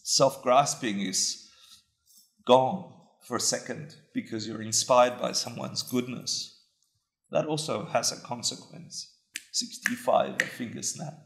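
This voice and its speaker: Man, dharma teacher, gravelly voice, self-mocking chatty talk, echoey room. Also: medium pitch, a bit bright. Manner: conversational and self-mocking, asks the audience questions.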